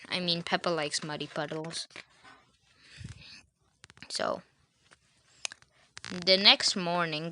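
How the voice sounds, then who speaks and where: A woman's voice: fairly low pitch, bright, forceful tone. A woman reading a children's storybook aloud, adding chatty asides to the listener.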